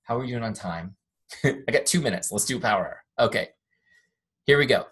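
Young male trainer, husky tone, upbeat, chatty, jokey, demoing software from a home-office mic. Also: medium pitch, animated, fairly quick. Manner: upbeat, chatty, self-deprecating jokes. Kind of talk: live online training with screen demo. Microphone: desk microphone.

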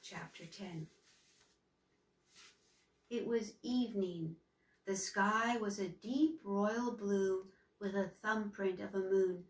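Slow expressive woman reading a storybook. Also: medium pitch, distant mic. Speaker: reader to children and dogs. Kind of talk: read-aloud storytelling. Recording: echoey room, voice off-mic.

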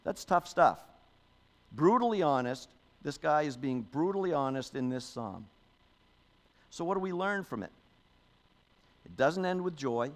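A man's voice: fairly high pitch, expressive, measured pace, long pauses. A man, a pastor, giving a sermon in a conversational style, often adding "okay?" and "you know", and reading scripture aloud with emphasis.

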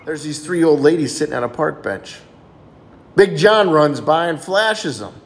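A man casually telling a string of jokes in a relaxed storytelling way. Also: fairly high pitch, measured pace. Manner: relaxed storytelling, lively delivery. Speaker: joke-telling video creator.

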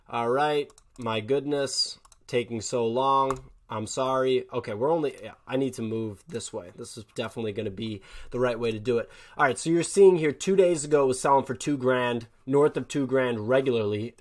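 A man talking through an online market walk-through at a mid pitch for a man. He's an excitable host who gets fired up and scolds the sellers he sees. He keeps talking while he clicks through listings. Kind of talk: screen-share market commentary.

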